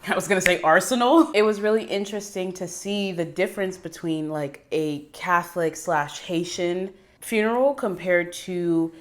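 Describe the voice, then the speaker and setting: A woman vlogger chatting casually to her viewers, rambling with quick self-corrections and asides. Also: lowish voice. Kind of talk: casual chat to camera.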